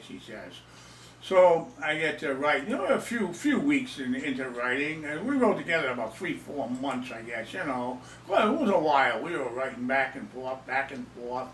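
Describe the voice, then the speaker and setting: A man's voice: on the high side, very animated, unhurried, fairly bright tone, distant mic, a little hiss or hum. An older man telling a story in a casual, rambling way. He mocks himself and repeats his phrases. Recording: echoey room, away from the mic.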